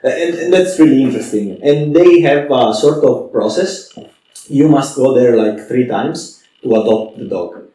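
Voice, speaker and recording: A man's voice: medium pitch, expressive, normal speed, dark tone. A man hosting an interview, asking questions hesitantly with many "you know, like" fillers. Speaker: interview host. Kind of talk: conversational interview. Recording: very echoey room, mic far off.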